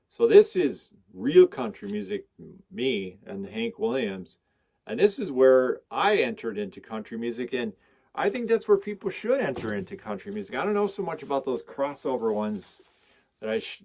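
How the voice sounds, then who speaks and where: A man with an everyday, mid-pitched voice chats casually to the camera about his records. He muses aloud, keeps asking himself questions and answering them, and speaks at an unhurried pace. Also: a little mellow. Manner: musing, asks himself questions. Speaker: record collector vlogger.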